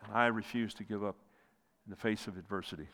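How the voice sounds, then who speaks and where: A male pastor preaching a sermon with passion, rising loud and then dropping to near quiet. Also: fairly even intonation, fast talker. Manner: impassioned preaching, swells loud then drops low. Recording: long hall reverb.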